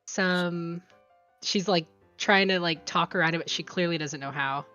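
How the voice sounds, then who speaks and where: A woman playing in a tabletop game, unhurried and often laughing. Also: on the low side, pushed and bright, dull audio, soft background music. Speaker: player. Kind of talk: tabletop role-play.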